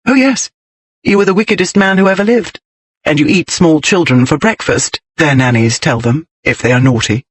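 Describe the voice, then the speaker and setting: A man voicing a composed young lady who speaks crisply and teases with dry wit. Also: on the high side, moderate pace, a little hiss or hum, natural voice. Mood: cool teasing. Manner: crisp, poised, dryly teasing. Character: composed, witty young lady, cool and teasing.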